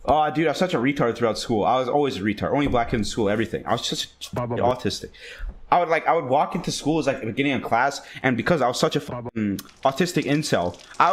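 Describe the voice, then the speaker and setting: A man's voice: medium pitch, slight background noise. A young man telling a rambling story in casual, profane talk, full of fillers and restarts.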